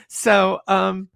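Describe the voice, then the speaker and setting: A woman in her fifties from upstate New York, a guest telling an animated, salty anecdote and acting out other people's lines. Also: mid-range voice, gravelly. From Sullivan County, New York, USA. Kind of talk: anecdotal storytelling in a video chat.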